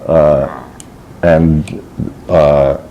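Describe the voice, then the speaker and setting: Deadpan comedian with a deep voice. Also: male voice, drawn-out words, dull audio. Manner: deadpan, rambling with hesitations. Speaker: comedian interviewee. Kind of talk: straight-faced comedy interview.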